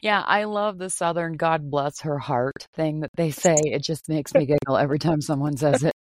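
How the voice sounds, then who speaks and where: A woman hosting a casual chat, frank, expressive and playful. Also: low-pitched, fairly quick. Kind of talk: casual conversation.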